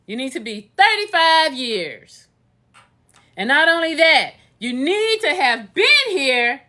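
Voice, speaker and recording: A woman rants casually to her live viewers through a phone. Her voice sits high and sounds bright and forceful. She leans on emphatic, sing-song repetitions to drive each point home. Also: expressive, unhurried. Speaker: livestreamer and real estate instructor. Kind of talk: casual livestream rant.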